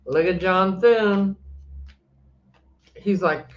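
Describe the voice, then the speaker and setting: An older woman, a psychic and energy healer, talking in a loud, chatty, rambling way from her home office, often breaking off mid-sentence. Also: fairly low pitch, slow pace, long pauses, highs cut off. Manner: chatty, rambling, self-interrupting; loud, emphatic. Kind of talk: casual unscripted monologue to camera.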